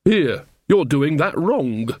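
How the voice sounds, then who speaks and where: A man's voice: on the high side, sing-song, slow pace, dry recording, studio quality, voice pushed up, heavily acted. A man reading an audiobook, voicing a gossipy, folksy old village witch woman with coarse, rambling talk. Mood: gossipy, flustered.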